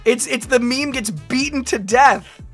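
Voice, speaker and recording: A woman streamer chatting through a live reaction, rambling and animated, breaking into laughs and shouts. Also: high voice, unhurried, soft background music. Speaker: streamer reacting to a lore video.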